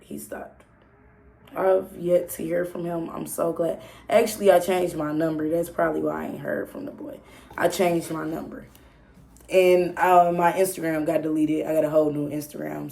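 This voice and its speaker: A young woman with a gravelly, fry-tinged voice tells a story straight to her viewers. Her talk is blunt and full of swearing, loose and conversational. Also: medium pitch, darkish tone. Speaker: vlogger. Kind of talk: casual storytime monologue.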